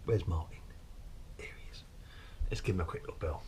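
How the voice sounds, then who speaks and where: A man's voice: low voice, fairly quick, whispered. A man hosting a comic skit, chatting on the phone with friendly slang and stammering excuses. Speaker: mower repair channel host.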